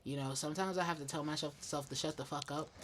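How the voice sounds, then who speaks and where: A man's voice: fairly high pitch, fairly even intonation, quick pace, a bit bright, a little hiss or hum. A young man from Staten Island, New York, a musician being interviewed in a radio studio, talking candidly and reflectively, swearing freely. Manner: candid, reflective, swears freely, slips into quoted inner voices. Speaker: independent musician guest. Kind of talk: casual conversational interview.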